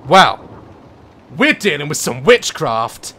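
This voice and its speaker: A man's voice: mid-range voice, very animated, a little slow, pauses often, a bit bright. A young man commentating a horror game, joking nervously and breaking into sudden screams. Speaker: gaming YouTuber.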